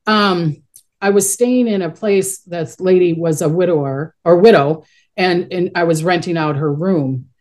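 A middle-aged woman talks in a low register, her stories rambling and chatty. She restarts sentences often and keeps a casual interview tone. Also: a little slow, darkish tone. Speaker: guest, psychic medium.

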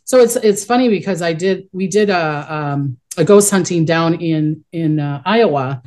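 A middle-aged woman talks in a low register, her stories rambling and chatty. She restarts sentences often and keeps a casual interview tone. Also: unhurried, a little mellow. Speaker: guest, psychic medium.

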